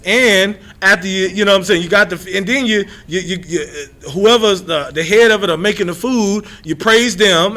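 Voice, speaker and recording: A man's voice: high voice, moderate pace, hardly any pauses, sharp tone. A man leading a street-style scripture lesson, blunt and slangy, who stretches out repeated verses for emphasis and often restarts his sentences. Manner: emphatic, drags out repeated quotes, restarts a lot. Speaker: scripture teacher.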